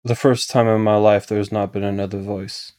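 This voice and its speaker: A man playing a tabletop role-playing game, speaking in character in a plain, measured way. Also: lowish voice, level tone, mellow. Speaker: player.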